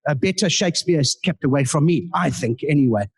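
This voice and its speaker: Husky comedian. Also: male voice, fairly high pitch, expressive, brisk. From South Africa. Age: 40s. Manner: playful, self-mocking storytelling with asides to the audience. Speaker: comedian and guest speaker. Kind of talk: live stand-up comedy. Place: indoor club meeting room.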